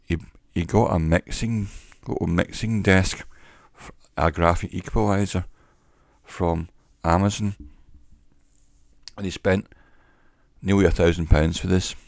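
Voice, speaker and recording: A man, a former salesman, telling a wry story to camera in a slow, deliberate way on a cheap microphone. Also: deep voice, fairly even intonation, creaky, darkish tone, no room sound, studio quality. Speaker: vlogger. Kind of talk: casual monologue to camera.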